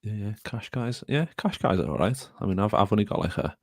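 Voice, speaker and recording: A man with a very low, gravelly voice co-hosts a live football podcast, rambling casually and reading out viewer comments. His sound is close and dry. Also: lively intonation, a little fast, dry recording. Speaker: podcast co-host.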